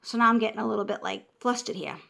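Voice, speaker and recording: A fairly high-voiced woman in her fifties recounts an ordeal to her viewers. She talks in an animated, emotional way, breaking off and restarting her sentences as she goes. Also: rapid-fire, gravelly. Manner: animated, emotional, frequent restarts and self-interruptions. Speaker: vlogger. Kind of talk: casual storytelling.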